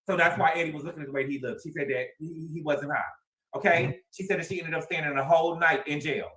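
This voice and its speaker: Sassy high-voiced man on a livestream. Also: fast talker, bright, forceful tone, reverberant, a little hiss or hum. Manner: sassy, dramatic, repeats lines for emphasis. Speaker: livestream host. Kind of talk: reality TV recap livestream. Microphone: streaming mic.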